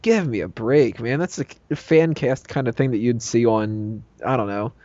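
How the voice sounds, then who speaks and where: A man, chatting casually as a podcast co-host reviewing a movie, animated and jokey. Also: medium pitch, normal speed, no echo, muffled recording. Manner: animated, jokey, quotes lines in put-on voices.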